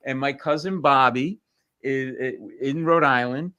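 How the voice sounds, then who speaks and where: A male comedian telling family stories on a talk show, animated and punchy, slipping into voices. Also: medium pitch, unhurried, clear, resonant tone, no echo. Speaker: comedian guest. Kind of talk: comic storytelling.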